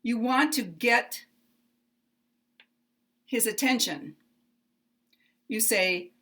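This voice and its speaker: Slow, deliberate American woman teacher. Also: on the high side, lively intonation, pushed and bright. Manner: deliberate, clearly enunciated, with pauses. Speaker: pronunciation teacher. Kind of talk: slow, careful English lesson.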